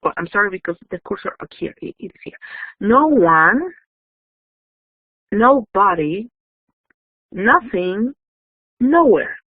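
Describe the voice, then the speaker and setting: A woman's voice: medium pitch, sing-song, slow, pauses often, slightly rough, no room sound. A woman teaching an online grammar lesson. She checks in often with "yes?" and "okay?", and she is patient with her students. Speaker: English teacher. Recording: dry, phone-like narrow sound.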